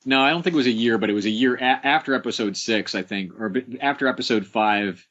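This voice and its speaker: A man's voice: medium pitch, fast, fairly bright tone. A man being interviewed on a podcast about making his show, talking casually and rambling with many fillers, restarts and small chuckles. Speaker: interview guest, show creator. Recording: dull lo-fi podcast audio.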